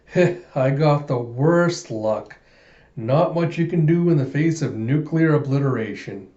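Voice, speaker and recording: A man's voice: medium pitch, animated, measured pace, mellow, natural voice. A man voicing a weary male mercenary who talks in a wry, resigned way. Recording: muffled echoey room.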